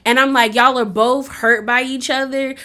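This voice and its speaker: A woman's voice: high-pitched, steady tone, normal speed, bright, forceful tone. A woman giving a casual, opinionated recap of a reality show. She talks chattily, with a lot of "like", and acts out the quotes.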